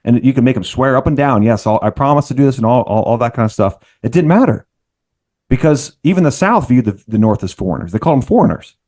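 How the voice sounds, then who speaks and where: A man talking on a panel in a rambling, halting way, with many restarts. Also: medium pitch, lively intonation, mellow. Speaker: podcast panelist. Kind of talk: casual round-table discussion.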